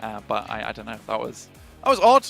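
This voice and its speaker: A man casting an esports match live, energetic and full of point tallies. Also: lowish voice, fairly quick, vocal fry, soft background music. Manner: energetic, stats-heavy. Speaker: esports caster. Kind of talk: live game commentary.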